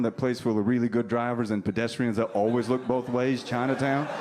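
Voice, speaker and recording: This live club recording, with a faint crowd and slight background noise, captures a stand-up comedian in his thirties. His voice is on the low side and a little mellow as he teases the audience in a brash, profane way.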